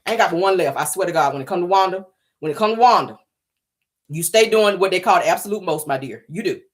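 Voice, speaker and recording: A woman's voice: lowish voice, lively intonation, fast. A woman hosting a gossip vlog, scolding and mocking her target in a sassy voice and repeating her jabs. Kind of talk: sassy reality-TV gossip commentary.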